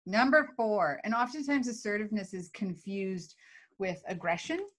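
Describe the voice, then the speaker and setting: A woman who is a guest expert on emotional intelligence chats casually in a live video, animatedly acting out examples as she explains. Her voice is mid-range and moderately paced.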